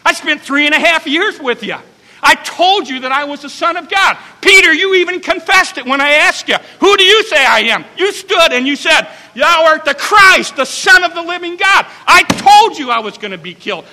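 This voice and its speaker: A preacher acting as a stern, rebuking risen Jesus. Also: male voice, very high voice, very animated, moderate pace, big-room sound, pitched above the performer's own voice, heavily acted. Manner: indignant, loud rebuking. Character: stern risen Jesus scolding his disciples.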